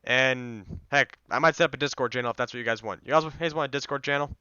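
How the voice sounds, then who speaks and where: Youtube guy with a sore throat rambling thru his outro, swears a bit, smooth voice, kinda dull mic. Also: medium pitch, quick pace, pushed and bright, dry recording. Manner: rambling, loose, casual swearing. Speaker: YouTuber reading a fan comic. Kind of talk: casual video outro. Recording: slightly dull lo-fi mic, dry.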